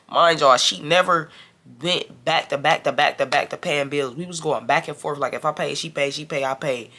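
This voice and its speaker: A man telling a casual, profane storytime to his viewers, talking straight to them as y'all. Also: moderate pace. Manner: animated, profane, keeps addressing the audience as y'all; gets louder and higher when irritated.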